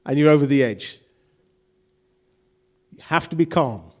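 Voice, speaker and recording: A man's voice: fairly high pitch, unhurried, darkish tone. A man preaching a sermon, acting out quoted voices and putting questions to the congregation. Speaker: pastor.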